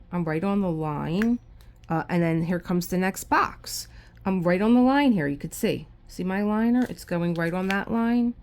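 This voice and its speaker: A woman's voice: fairly low pitch, gravelly, darkish tone. A middle-aged woman hosting a craft video, chatting casually to the camera and talking to herself in frustration as she works.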